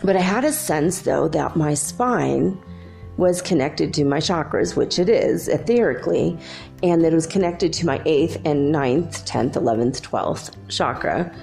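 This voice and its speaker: Gravelly-voiced chatty woman telling a dream. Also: sits low, a little slow, faint music behind. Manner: chatty, animated, laughs often, quotes herself and her son. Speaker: podcast host. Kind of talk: casual spiritual storytelling.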